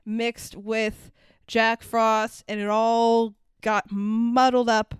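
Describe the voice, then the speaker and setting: Animated, sarcastic woman, fairly high voice. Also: drawn-out words, smooth, no echo, studio quality. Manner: animated, sarcastic, swears freely, acts out quotes. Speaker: podcast co-host. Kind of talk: casual movie review chat.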